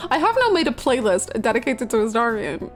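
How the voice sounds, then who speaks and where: A woman's voice: on the high side, big pitch swings, brisk, faint music behind. A woman streamer chatting casually and rambling, giggling as she gushes over a game character. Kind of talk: casual live-stream chat.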